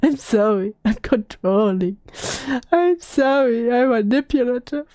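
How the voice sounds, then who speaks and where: A woman's voice: on the high side, measured pace, warm tone, no room sound, lightly acted. A woman voicing a clingy, apologetic young man, reading his messages in a mock plaintive whine. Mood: pleading.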